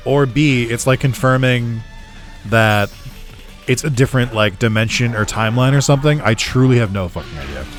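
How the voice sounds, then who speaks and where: A man's voice: mid-range voice, lively intonation, normal speed, soft background music. A man chatting casually while streaming a game, ranting sarcastically, swearing a lot and laughing often. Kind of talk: casual gaming stream chat.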